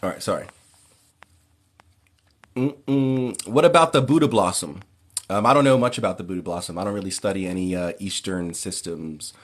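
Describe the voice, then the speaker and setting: A man hosting a casual livestream Q&A who reads viewers' questions aloud and answers in a relaxed, plain way. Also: sits low, normal speed, pauses often. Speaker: occult livestream host.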